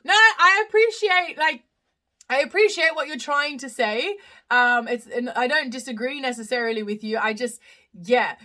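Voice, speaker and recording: Bright, bubbly woman from Australia. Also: a little high, normal speed. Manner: chatty, giggly, many fillers and restarts. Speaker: host of a live Q&A stream. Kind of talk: casual live-stream chat answering comments. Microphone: phone live stream.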